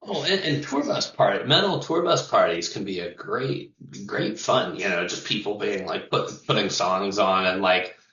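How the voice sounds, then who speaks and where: A man's voice: on the low side, animated, normal speed, few pauses, a bit bright, reverberant, far from the mic, highs cut off. A man who sings in a touring metal band, chatting loosely in an interview, swearing and laughing as he talks. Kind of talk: casual interview chat.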